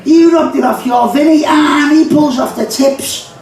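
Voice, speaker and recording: A man's voice: very high-pitched, unhurried, a little mellow, pitched above the performer's own voice. A man voicing cheeky young Liverpool lads bickering over a cigarette, with a Liverpool accent. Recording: echoey pub, mic far off.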